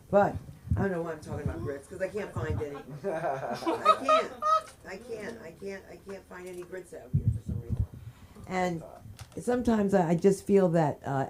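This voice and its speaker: Brassy woman comic, low voice, clear room noise under a club mic. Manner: loud, brassy storytelling. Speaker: stand-up comic. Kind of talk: open-mic stand-up set. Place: comedy club stage.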